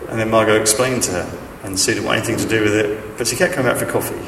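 A man's voice: on the low side, steady tone, racing, vocal fry, a bit bright, recorded from a distance, a little hiss or hum. A man giving a chatty sermon full of stories, with a self-deprecating humor and plenty of fillers and restarts. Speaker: preacher. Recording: echoey hall, speaker off-mic.

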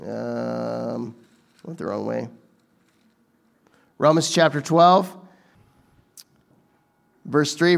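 A man's voice: medium pitch, expressive, drawn-out words, creaky, long pauses. A man giving a casual, conversational sermon, talking informally with frequent restarts and asides to the audience. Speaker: preacher.

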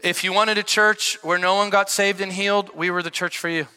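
A middle-aged male pastor preaching a sermon, telling stories with sudden shouted peaks and quieter asides. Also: sits high, fairly quick, hardly any pauses, clean tone. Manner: animated storytelling with shouted peaks and dropped asides. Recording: long hall reverb.

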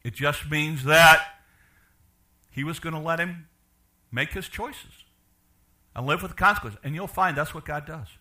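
An older man preaching a sermon, asking the congregation questions and swinging from loud to quiet. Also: fairly high pitch, measured pace, pauses often. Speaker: pastor.

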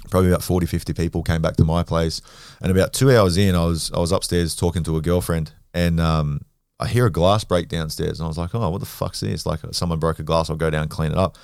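Fast-talking deep-voiced Australian man. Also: clear, resonant tone, no echo, clean studio sound. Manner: blunt, swears freely, animated retelling. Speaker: podcast guest, grappler and former rugby league player. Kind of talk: casual storytelling.

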